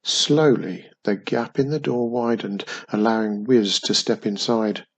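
A man narrating a children's story in a gentle, expressive reading. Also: lowish voice, a little slow, breathy edge.

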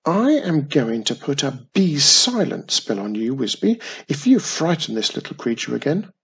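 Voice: medium pitch, very animated, a little slow, slightly rough, full character voice. A reader voicing a young witch in a storybook who scolds her cousin and soothes a baby dragon. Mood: scolding. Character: bossy yet tender young witch woman. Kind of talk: storybook reading.

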